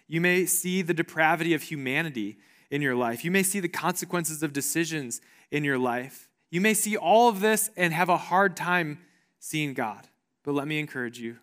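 A man preaching a sermon as pastor, earnest, repeating phrases for emphasis and dropping low and soft on the promises. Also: animated, a little fast.

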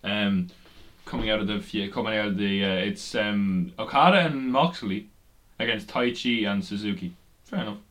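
Low-voiced man rambling casually. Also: moderate pace, a bit bright. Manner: rambling, many ums and restarts, swears. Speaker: podcast co-host. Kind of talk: casual wrestling chat.

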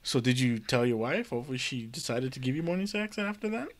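A man's voice: mid-range voice, sing-song, quick pace, crowd noise. A man co-hosting a podcast in casual chat, joking and swearing through banter. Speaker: podcast co-host.

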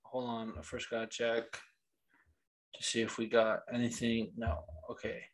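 A man co-hosting a podcast in casual chat, excitable and profane, quick to laugh. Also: mid-range voice, slight background noise, poor audio. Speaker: podcast co-host.

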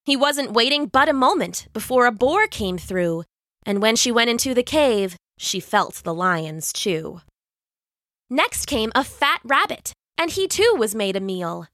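Bright, sing-song woman storyteller. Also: on the high side, no room sound, studio quality. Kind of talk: rhyming children's story narration.

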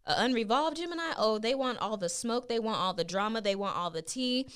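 A woman co-hosting a podcast in casual chat, blunt and profane, telling stories with animated asides. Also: fairly high pitch, brisk, clean tone. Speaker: podcast co-host.

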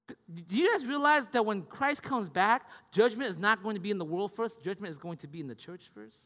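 A man preaching a sermon in a lively, conversational way, asking his listeners questions and swinging from loud to hushed. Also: high-pitched, fairly quick. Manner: conversational, asks the audience questions. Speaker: pastor. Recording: long hall reverb.

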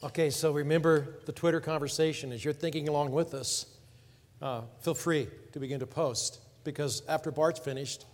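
A male host giving brisk, practical announcements to an audience. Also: fairly high pitch, steady tone. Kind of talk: event announcements. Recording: long reverb of a large hall.

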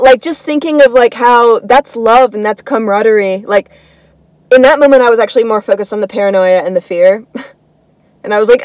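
A woman's voice: mid-range voice, a little mellow, dry recording, poor audio. A woman hosting a comedy podcast, telling a casual story in a rambling way full of fillers and swearing. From United States.

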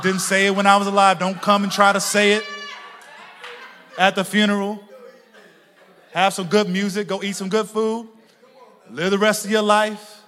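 A man preaching with a high, bright voice that rings out through a large church. He drops to near-whispers, then climbs to shouted peaks, and teases the congregation with playful asides. The long reverb of the hall trails behind every phrase. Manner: swings from hushed, intimate talk to loud shouted preaching. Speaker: pastor. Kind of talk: sermon.

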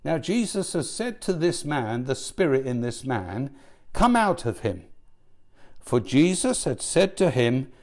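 A man preaching a sermon, asking rhetorical questions and building to emphatic, forceful passages. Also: mid-range voice, unhurried. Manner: animated, rhetorical questions, rising to emphatic peaks.

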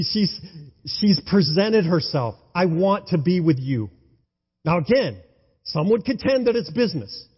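Animated, husky-voiced male pastor preaching. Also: high voice. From United States. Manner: animated, enthusiastic, swings from loud exclamations to hushed tones. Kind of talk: sermon. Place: church sanctuary. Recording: dull, lo-fi sound in a reverberant hall.

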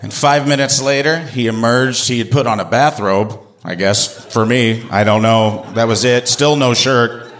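A man telling a personal story to an audience in an animated, comic, self-mocking way. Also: mid-range voice, normal speed.

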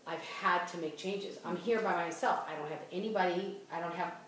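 A middle-aged woman from Boston with a clear Boston accent chats casually, restarting sentences and breaking into laughs. Her voice sits on the low side. She sounds distant from the mic in a very echoey room. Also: fairly quick, slight background noise. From Boston area. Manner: chatty, restarts often, laughs while talking. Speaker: host. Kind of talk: casual podcast chat.

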